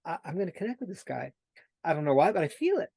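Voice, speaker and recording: A man somewhat high for his sex tells stories as an interview guest. He acts out the conversations he recalls, and the sound is dry and close with no room echo. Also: fast talker, creaky, slightly rough. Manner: animated storyteller who acts out quoted dialogue; repeats himself and restarts when searching for words. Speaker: guest, personal transformation coach. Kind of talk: storytelling in conversation.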